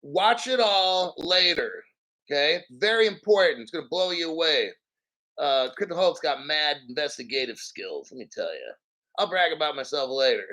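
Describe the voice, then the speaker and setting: Loud crude guy ranting on a crypto stream, highish voice, keeps clearing his throat, swears a lot. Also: animated, normal speed, rough recording. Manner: brash, profane, mocking, clears throat often. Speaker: crypto YouTube host. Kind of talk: live-stream rant.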